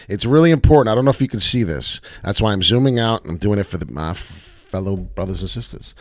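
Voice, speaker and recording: Brash male chart streamer, lowish voice with lively swings, dry sound, rambling and profane. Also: no echo. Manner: brash, rambling, swears freely, breaks into sing-song. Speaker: crypto chart analyst streamer. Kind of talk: casual live chart commentary.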